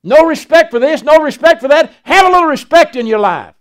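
A man's voice: very high-pitched, lively intonation, fairly quick. An older man, a pastor preaching a folksy sermon and acting out Bible dialogue.

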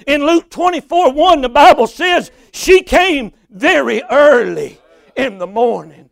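A man preaching with fervor, his voice sitting very high for a man. He reads scripture steadily, then swells into shouts and cries. The sound is close and dry. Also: expressive, unhurried, gravelly, no room sound. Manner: impassioned, rising to shouts and cries. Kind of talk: sermon.

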